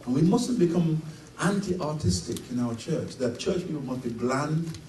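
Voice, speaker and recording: A middle-aged man giving an emphatic sermon at a conference, his voice swelling to loud peaks. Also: a little high, expressive, normal speed. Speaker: conference speaker. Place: conference hall. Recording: roomy hall, distant mic, faint noise.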